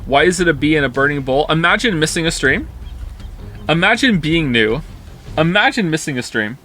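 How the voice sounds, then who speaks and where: A man's voice: a little high, lively intonation, normal speed, sharp tone, slight background noise. A man streaming live, chatting casually and reacting to viewer comments in a rambling way with frequent restarts.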